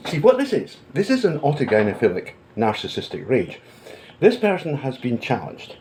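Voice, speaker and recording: Man, mid-pitched voice, blunt, profane, casual to-camera commentary, indoors. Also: huge pitch swings, moderate pace, darkish tone, low-quality recording.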